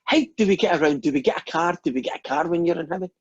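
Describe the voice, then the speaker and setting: A man voicing an excitable Scotsman in a joke, eager and raised, on a dull lo-fi recording. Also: fairly high pitch, very fast, slightly rough, pitched above the performer's own voice. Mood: excited.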